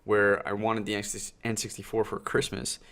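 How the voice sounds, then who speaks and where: A man's voice: on the low side, level tone, moderate pace, creaky, fairly bright tone. Young man swearing through an eager story. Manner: enthusiastic, swears casually. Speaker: podcast host. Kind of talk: casual chat over a call. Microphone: video call.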